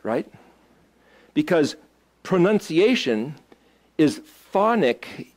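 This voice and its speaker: A man's voice: a little high, a little mellow. Man teaching, thinking aloud. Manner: thinks aloud, asks the group questions. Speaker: Hebrew study teacher. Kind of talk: informal teaching to a small group.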